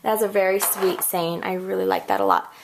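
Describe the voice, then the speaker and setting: A woman in her thirties hosting a casual card-making tutorial, bubbly and chatty, squealing when she gets excited. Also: medium pitch, fairly quick, background noise. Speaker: crafting tutorial host.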